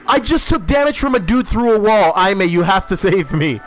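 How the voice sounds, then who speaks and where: A man streaming a game, chatting loosely with teammates and viewers, loud and swearing constantly. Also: sits high, normal speed, faint music behind. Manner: animated, talking to teammates and chat. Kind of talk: casual live-stream chat while gaming.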